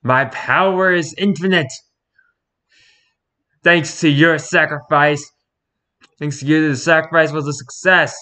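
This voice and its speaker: A man putting on a grandiose male villain who declaims loudly and theatrically. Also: a little high, steady tone, unhurried, pauses often, pitched above the performer's own voice. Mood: vengeful.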